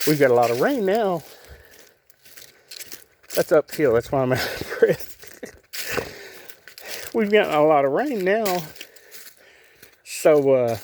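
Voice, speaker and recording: A man's voice: fairly high pitch, a little mellow, slight background noise. Folksy rambling man showing his backyard. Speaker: homeowner showing his projects. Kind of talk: casual rambling vlog narration.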